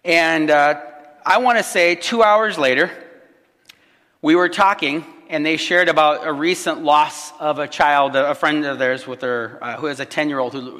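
A man from Illinois, a pastor telling a story in a sermon, animated, acting out the voices he quotes and dropping to a hush at times. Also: fairly high pitch, in a large hall.

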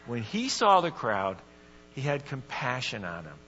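Bright-voiced man preaching in a church. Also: medium pitch, unhurried, slight background noise. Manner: casual, excitable preaching with bursts of shouting. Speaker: guest preacher. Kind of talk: sermon. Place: church sanctuary. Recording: dull lo-fi recording in a reverberant church.

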